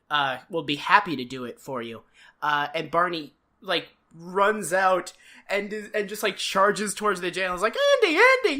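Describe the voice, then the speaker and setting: A woman co-hosting a podcast, recapping an old TV episode in casual chat, sarcastic and given to loud mock impressions. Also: medium pitch. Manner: sarcastic, animated, mimics characters with big voices. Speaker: podcast co-host.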